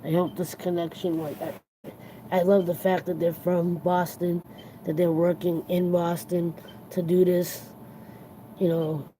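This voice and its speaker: Tired, slow-talking livestream host. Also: mid-range voice, flat delivery, dark tone, slight background noise, poor audio. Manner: rambling and halting, with many restarts and "you know"; earnest and reflective. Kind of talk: casual livestream chat.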